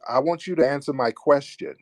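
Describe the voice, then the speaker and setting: Forceful male call-in show host. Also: medium pitch, fairly quick, no echo, studio quality. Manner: forceful, repeats his points, cuts callers off. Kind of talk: combative call-in debate.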